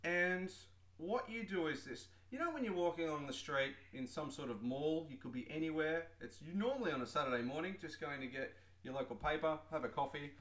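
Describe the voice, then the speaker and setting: A man co-hosting a comedy podcast, telling stories in an animated way and acting out the people he quotes. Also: a little high, fairly quick, few pauses, roomy sound. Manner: animated storyteller, acts out quoted voices. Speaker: podcast co-host. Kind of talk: casual comedic chat.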